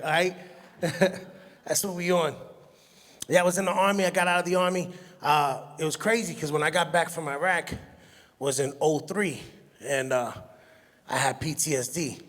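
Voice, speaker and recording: A man, doing an animated, self-mocking stand-up comedy set and laughing at his own jokes. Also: high voice. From Brooklyn, New York. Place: large hall on stage. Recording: echoey hall sound.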